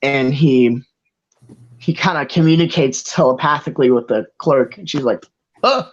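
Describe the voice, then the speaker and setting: A game master narrates a tabletop game in a loose, rambling way, restarting sentences as the scene unfolds. The voice sits at a middle pitch, and the lo-fi recording sounds dull. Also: moderate pace.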